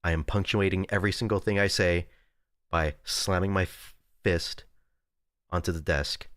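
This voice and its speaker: A man's voice: low voice, fairly even intonation, normal speed, fairly bright tone, no echo, clean studio sound. A young man streamer in rambling, jokey casual chat with his viewers at a desk indoors.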